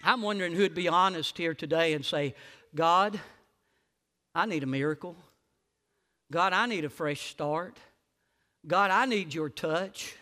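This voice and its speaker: Male preacher, high bright voice, drops to a hush and then surges loud, big hall reverb. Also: a little slow, pauses often. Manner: swings between hushed low lines and loud high preaching. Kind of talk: sermon.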